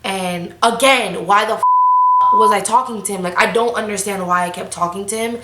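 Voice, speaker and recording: A young woman of eighteen tells a storytime vlog, talking in a casual, slangy rush as she relives the moment. Her voice sits at a middle pitch. The room around her adds a noticeable echo. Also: normal speed, sharp tone, a little hiss or hum. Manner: casual, slangy, breathless retelling. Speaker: vlogger.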